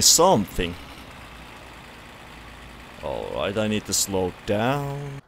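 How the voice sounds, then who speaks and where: A young man with a Finnish accent doing let's play commentary, excitable and swearing often at the game. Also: fairly low pitch, takes it slowly, vocal fry, long pauses, a little hiss or hum. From Finland. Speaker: gaming youtuber.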